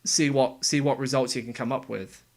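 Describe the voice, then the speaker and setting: A young man casually explaining how he made game voices, talking in a relaxed, halting way. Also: mid-range voice. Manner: halting, relaxed, with fillers and restarts. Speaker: game voice actor and sound editor. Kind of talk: casual developer commentary.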